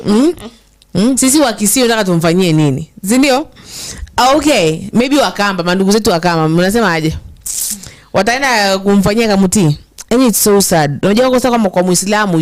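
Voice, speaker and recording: A young Kenyan woman hosting casual commentary, reading viewer comments and mixing English and Swahili with feeling. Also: mid-range voice. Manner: code-switches English and Swahili, emotional, slows to stress words.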